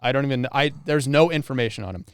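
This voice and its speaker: A man's voice: medium pitch, animated, fast, clean tone, dry recording, clean studio sound. A young man co-hosting a podcast, chatting casually and joking, often laughing and restarting his sentences. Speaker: podcast co-host. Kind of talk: casual chat.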